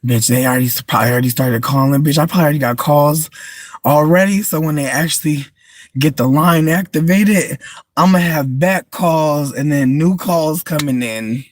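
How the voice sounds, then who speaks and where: A casual livestream rant comes from inside a car, packed with swearing, low mutters and sudden shrieking laughter. The pace is moderate and the recording dry.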